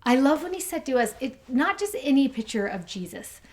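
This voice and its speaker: A woman co-hosting a scripture study podcast, chatting enthusiastically and slowing down to read verses aloud. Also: high voice, big pitch swings. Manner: enthusiastic, reads verses slowly and warmly. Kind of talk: casual scripture discussion.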